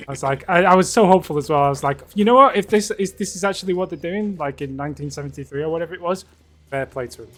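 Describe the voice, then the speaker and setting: High-voiced British man, wry and dry. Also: very fast. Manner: wry, dry joking with frequent laughs. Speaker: game streamer co-host. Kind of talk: casual gaming livestream chat.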